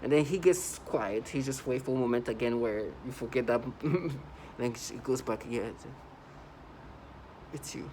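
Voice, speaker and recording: A man of middle pitch talks straight to his viewers in a loose, insistent monologue. He keeps circling back and restarting his phrases. A faint hiss sits under his voice. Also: moderate pace, hardly any pauses, darkish tone, rough recording. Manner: repetitive, emphatic, many restarts. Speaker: vlogger. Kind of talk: casual monologue to camera.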